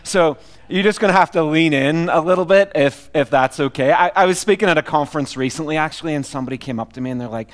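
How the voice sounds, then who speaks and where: Northern irish guy preaching, kinda high voice, smooth and clear, jokey and chatty. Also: quick pace. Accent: Northern Irish, mixed with Canadian and Australian. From Northern Ireland. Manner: self-deprecating, humorous, conversational. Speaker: visiting pastor. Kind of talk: sermon.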